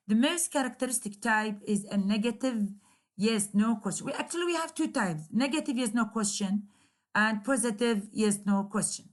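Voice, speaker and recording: A woman with an Arabic accent giving a grammar lecture, repeating example sentences slowly to show their intonation. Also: mid-range voice.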